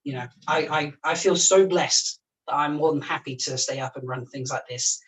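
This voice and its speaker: Chef-streamer, casual and giggly, mid-pitch voice, cooking and chatting at once, mic a fair way off. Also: steady tone, normal speed, a bit bright. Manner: chatty, laughs often, busy cooking while talking. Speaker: chef and charity livestream host. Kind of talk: casual livestream chat. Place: home kitchen with the oven on. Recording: voice picked up from a distance.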